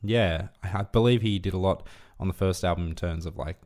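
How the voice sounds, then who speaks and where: A man's voice: low voice, a little fast, a little mellow. A young Australian man co-hosting a podcast, telling stories in a laid-back, dry way. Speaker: podcast co-host. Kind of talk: casual chat.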